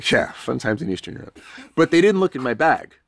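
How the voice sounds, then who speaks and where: A man's voice: on the high side, very animated, measured pace, creaky, a crowd in the background. A man from New York, a podcast guest, telling a rambling, self-deprecating story in a casual, swearing way.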